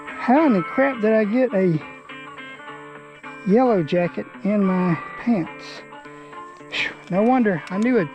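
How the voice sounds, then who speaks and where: A man's voice: high-pitched, unhurried, long pauses, muffled recording, music in the background. A man giving casual outdoor fishing commentary by a creek, folksy and talking to the fish. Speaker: fishing vlogger.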